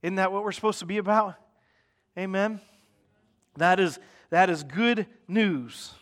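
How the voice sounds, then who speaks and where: A man's voice: sits high, measured pace, fairly bright tone. A man preaching a sermon in a conversational style, often checking in with his listeners and acting out their complaints. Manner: acts out listeners' complaints in mock voices.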